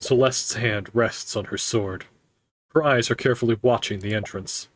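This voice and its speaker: A man's voice: lowish voice, normal speed, slight background noise. A man streaming a story game, narrating it aloud and reacting with casual swearing. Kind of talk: reading a story game aloud with live commentary.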